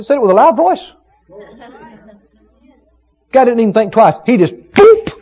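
A man preaching a sermon, retelling a story with emphatic, dramatic rising shouts. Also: high voice, big pitch swings, normal speed, pauses often, slightly rough. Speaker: pastor. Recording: dull lo-fi sermon recording.

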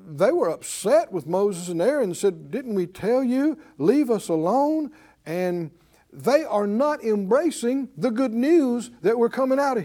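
A male preacher delivering a broadcast sermon. His voice sits high and moves all over the place. He rises into emphatic near-shouts and then drops back down to reason with the listener. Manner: animated, rising to emphatic shouts.

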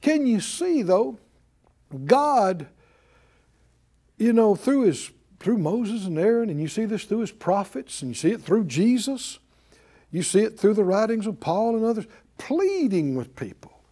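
Mellow-voiced, emphatic male preacher. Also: high-pitched, sing-song, unhurried. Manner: emphatic, pleading, repeats phrases for weight. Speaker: pastor. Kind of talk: sermon.

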